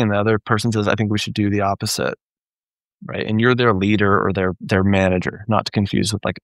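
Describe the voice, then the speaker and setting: Male therapist-trainer, slightly low gravelly voice, chatty teaching style that keeps asking "right?". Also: no room sound. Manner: conversational, often checks in with "right?". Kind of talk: live Q&A teaching.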